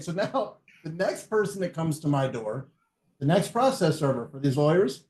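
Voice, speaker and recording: Fast-talking cussing dude telling stories on a podcast, kinda high voice, echoey room. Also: male voice. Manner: animated, profane, acts out quotes. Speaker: podcast guest. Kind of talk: casual podcast storytelling.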